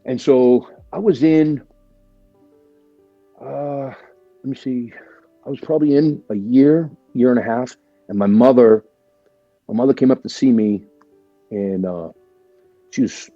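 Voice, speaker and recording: A military veteran appearing as a podcast guest speaks candidly at medium pitch, unhurried and pausing often, with a warm tone. He swears casually and leans on "right?" and "like" as he tells his stories. The recording is dry and muffled, with faint music behind.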